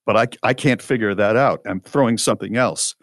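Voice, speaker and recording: A man's voice: on the low side, fairly quick, a bit bright, no echo, studio quality. An older man, a podcast co-host and former radio disc jockey, telling a story in casual chat with many fillers and restarts.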